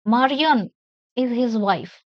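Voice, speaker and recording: This is a woman, teaching a lesson from a play and putting each line into simpler words. Her voice sits a little high. The recording is dry and somewhat muffled. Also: expressive, takes it slowly, no echo. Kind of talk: classroom lesson explaining a play. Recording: dull lo-fi sound.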